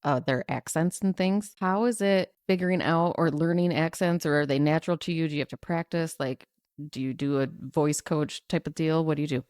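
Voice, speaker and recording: A woman's voice: low voice, fairly quick, darkish tone, no echo, studio quality. A woman from Michigan hosting a podcast, gushing and giggly, full of fillers. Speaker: podcast host. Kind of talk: casual interview chat.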